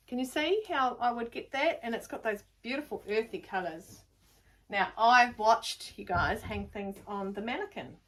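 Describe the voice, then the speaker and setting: A woman's voice: fairly high pitch, a bit bright. Chatty New Zealand woman sewing vlogger. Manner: chatty, rambling, self-mocking. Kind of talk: casual chat to camera.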